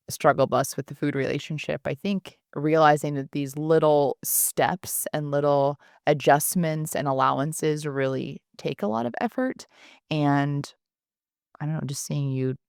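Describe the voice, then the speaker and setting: A woman's voice: low voice, creaky, no echo, studio quality. A woman in her thirties co-hosting a podcast, talking candidly and laughing often as she speaks. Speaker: podcast co-host. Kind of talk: casual podcast chat.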